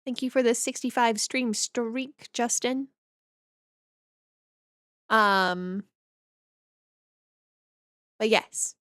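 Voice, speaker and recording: A woman streamer from northern Canada talks casually with her viewers in a slightly high voice. She takes her time and rambles along easygoing as she answers chat. The sound is dry and close, with no room echo. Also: drawn-out words, pauses often, fairly bright tone.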